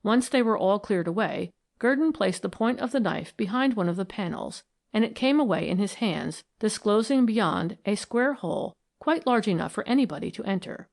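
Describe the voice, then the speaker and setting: Woman, audiobook narrator, classic mystery, even deliberate read, gravelly. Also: medium pitch.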